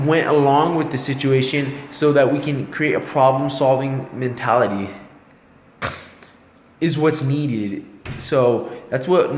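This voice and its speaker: A man's voice: medium pitch, a little hiss or hum. A man vlogging about a book he read, thinking aloud in a rambling, loosely structured way. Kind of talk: casual book talk to camera. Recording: echoey room with long reverb.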